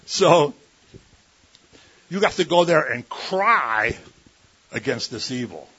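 A man's voice: on the high side, expressive, slow, sharp tone, husky. A man preaching a sermon in a conversational, folksy way, often slipping into mimicked voices. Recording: dull lo-fi recording.

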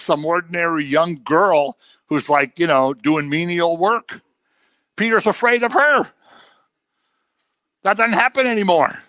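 A man preaching a sermon in a conversational, animated way, sometimes acting out the people he quotes. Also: on the high side, dry recording.

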